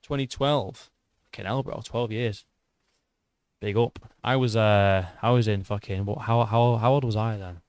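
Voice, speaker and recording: Swearing British lad arguing on stream. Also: male voice, fairly low pitch, steady tone, measured pace, a little mellow, dry recording. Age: 20s. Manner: swears often, restarts sentences, argues with a rough edge. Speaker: YouTube MMA channel host. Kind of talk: casual livestream chat reading viewer comments.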